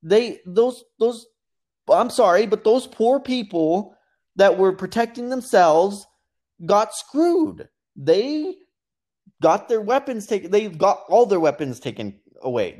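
A man co-hosting a casual talk show, telling a story and acting out quotes as he goes. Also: high voice. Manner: animated storytelling, acts out quotes. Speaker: podcast co-host. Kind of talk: casual commentary chat.

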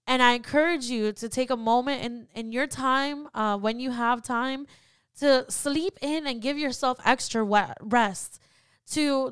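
A woman co-hosts a personal faith podcast, speaking earnestly and encouragingly while leaning on lots of "um" and "like." Her high-pitched voice is a bit bright and clean, captured at studio quality with no room sound.

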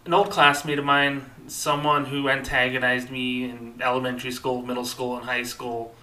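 A man's voice: mid-range voice, level tone, normal speed, bright, forceful tone, far from the mic, low-quality recording. A man in his thirties hosting a podcast, talking in an upset, earnest way with many fillers and restarts. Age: 30s. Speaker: podcast host. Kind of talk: personal podcast monologue.

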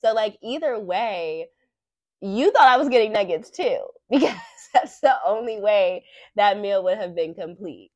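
Animated woman telling a chatty story. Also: mid-range voice, measured pace, no echo. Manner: animated, chatty, rhetorical asides. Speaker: podcast host. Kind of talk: casual storytelling monologue. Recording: dry, slightly muffled lo-fi recording.

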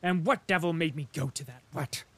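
A man voicing a gloomy, hot-tempered small cavalry officer who shouts and rants. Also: on the high side, a little fast, slightly rough. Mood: ranting. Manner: loud, blustering, shouting.

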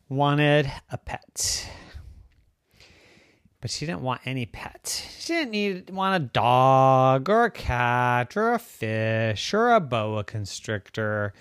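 A man making up a bedtime story, in a playful, animated way. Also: mid-range voice, clean tone, no echo, studio quality. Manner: playful, animated, drawn-out phrasing.

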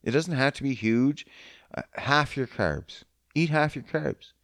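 Crude, rambling man with a lively voice. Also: medium pitch, unhurried, gravelly, dry recording, clean studio sound. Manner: crude, rambling, joking, voices others in quotes. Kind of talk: casual profane monologue.

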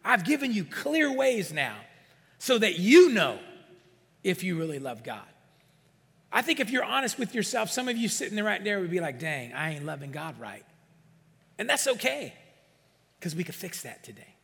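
A middle-aged male pastor preaching with a high, bright, gravelly voice. He is emphatic and calls out for amens. His sermon rings with long reverb through a church hall. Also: big pitch swings, moderate pace. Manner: emphatic, calls for amens and acts out doubters' excuses. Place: church sanctuary.

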